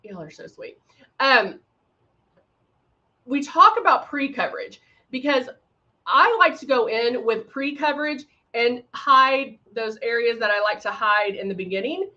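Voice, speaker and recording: This woman's voice is on the high side, expressive, bright and forceful, delivered at a measured pace. She's hosting a live makeup tutorial, chatting with viewers and calling out their names between steps, often using fillers; the stream audio sounds slightly dull.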